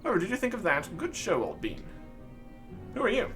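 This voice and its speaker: A man's voice: high-pitched, wildly swooping pitch, fairly quick, a bit bright, faint music behind, voice pushed up, full character voice. Man as a pompous bearded old dwarf, plummy old-fashioned posh diction, sing-song delivery. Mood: jolly.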